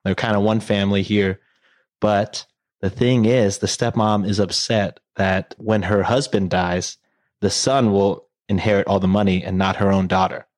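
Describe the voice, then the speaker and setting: A man's voice: lowish voice, fairly even intonation, normal speed, a little mellow. A man casually retelling a story to friends, rambling and profane, full of fillers and jokes.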